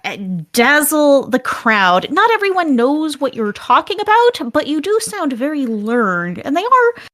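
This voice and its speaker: A woman's voice: sits high, sing-song, a little slow, a bit bright, no room sound, studio quality. A woman running a tabletop game as game master, narrating scenes and explaining rules in a rambling, thinking-aloud way.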